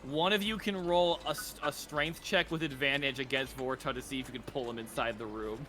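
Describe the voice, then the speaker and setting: A man's voice: mid-range voice, fairly quick, bright, forceful tone, faint music behind. A man narrating a tabletop game as game master, laughing and swearing as he goes.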